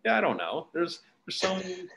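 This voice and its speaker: A man's voice: high voice, wildly swooping pitch, fairly quick, gravelly, a bit bright, a little hiss or hum. A man hosting a casual interview, talking animatedly and acting out little snatches of dialogue. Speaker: podcast host.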